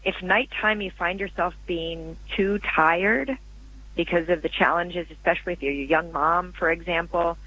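A man speaking as a guest author on a radio interview, earnest and reflective, pausing and restarting as he thinks. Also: high voice, bright, forceful tone, poor audio.

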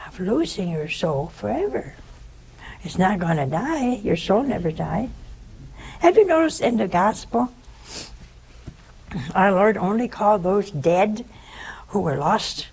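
An older religious sister giving a sermon, telling a story with animated voices and sudden drops to a whisper. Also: female voice, medium pitch, low-quality recording. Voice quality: gravelly, husky.

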